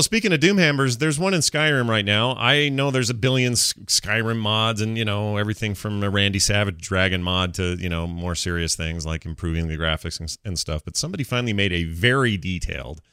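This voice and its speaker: A man co-hosting a casual gaming podcast, animated and self-deprecating, joking as he talks. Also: on the low side, smooth, dry recording, clean studio sound. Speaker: podcast co-host.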